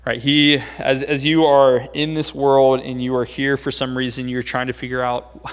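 A man's voice: medium pitch, little pitch movement, normal speed, clean tone, long reverb tail. A man preaching a sermon in a conversational way, often checking in with his listeners by asking "right?". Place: church hall.

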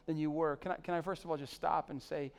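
A male pastor preaching a sermon, pleading with the congregation, surging to emphatic peaks and then dropping soft. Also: on the high side, steady tone, fast talker, vocal fry, clean tone.

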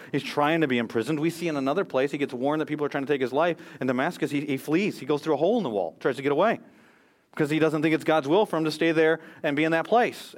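An American man preaching a sermon as pastor, earnest and emphatic, quoting scripture and speeches. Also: fairly high pitch.

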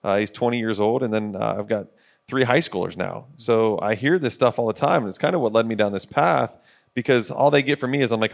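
A man's voice: on the low side, fairly quick, creaky. A man in his forties talks in a casual, earnest podcast voice from a studio. He speaks like a coach giving a pep talk, with plenty of fillers between his points. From Ohio, USA. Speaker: podcast co-host.

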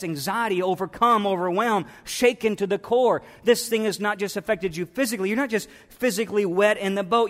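Male pastor, high voice, preaching with fervent rhetorical questions, reverberant hall sound. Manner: impassioned, repetitive, many rhetorical questions and restarts. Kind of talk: sermon.

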